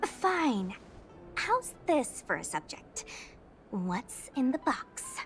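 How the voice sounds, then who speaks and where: A woman's voice: high voice, big pitch swings, extremely slow, faint music behind, full character voice. An actress playing a frank, slightly naive young woman soldier who speaks bluntly and gets a little flustered, in a game cutscene. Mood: curious. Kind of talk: video game cutscene dialogue.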